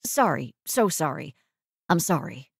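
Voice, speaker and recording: A woman voicing an apologetic, gently teasing man who speaks softly in an audiobook. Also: on the low side, lively intonation, moderate pace, creaky, no room sound, studio quality. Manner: soft, repeatedly apologetic.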